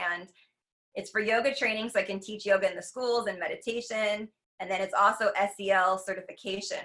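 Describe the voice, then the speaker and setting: A woman who teaches breathwork and meditation, talking in a casual conversation. Her voice is bright and forward, at an ordinary pitch for a woman. She rambles earnestly, with many likes and restarts. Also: vocal fry.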